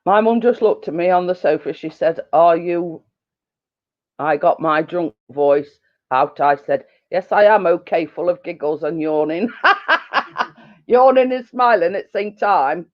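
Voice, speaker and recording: In a dull, lo-fi recording from her living room, a middle-aged woman hosts a relaxed live-stream chat, meandering with fillers and giggles. Her voice is lowish and her pace measured.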